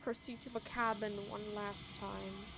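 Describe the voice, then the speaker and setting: A woman's voice: medium pitch, steady tone, a little slow, vocal fry. A young woman streaming a game, emotional and reading the on-screen text aloud. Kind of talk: casual let's-play commentary. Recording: game music behind.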